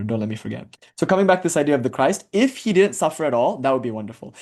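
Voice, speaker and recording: A young man lecturing on spiritual themes at a brisk clip, his mid-range voice loose and conversational. He sprinkles his talk with fillers and quick asides, and now and then he chants a Sanskrit verse. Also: medium pitch, a little mellow. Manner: casual and chatty, with frequent "like" fillers and asides. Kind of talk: informal lecture.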